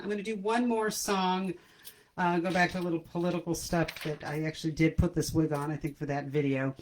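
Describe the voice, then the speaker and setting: A woman's voice: low-pitched, fairly even intonation, brisk, a little mellow, rough recording. Chatty woman hosting a comedy livestream. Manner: chatty, self-deprecating, laughs at her own jokes. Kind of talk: casual chat to a livestream audience. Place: at home. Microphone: computer camera mic.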